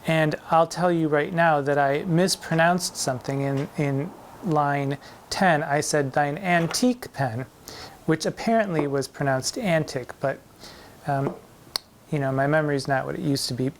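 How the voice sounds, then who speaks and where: A man's voice: on the high side, fairly even intonation, a little hiss or hum. Man in drag hosting a poetry lesson: playful, theatrical, leans hard on the verse. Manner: playful, theatrical, recites verse slowly and emphatically. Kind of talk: campy poetry lecture with recitation.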